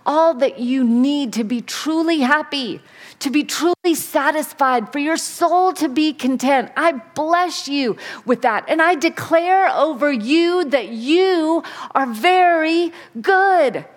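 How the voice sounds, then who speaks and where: God as a loving father, fervent and rising, in a woman preacher's own high voice. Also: slow, long reverb tail.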